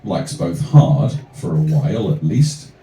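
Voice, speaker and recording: A man performing comic rhyming poems to a live cafe audience, with wry, deadpan asides between pieces. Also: low voice, takes it slowly, slight background noise. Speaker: performance poet. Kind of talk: live comic poetry reading. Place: small cafe venue with an audience. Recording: roomy, distant audience recording.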